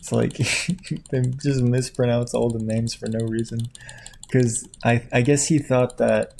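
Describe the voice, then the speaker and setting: A man chatting casually at his computer at home, tired, quiet and rambling, laughing often. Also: mid-range voice, fairly even intonation, measured pace, vocal fry, a little hiss or hum. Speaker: video creator. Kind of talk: casual chat while clicking at a computer. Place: at home indoors.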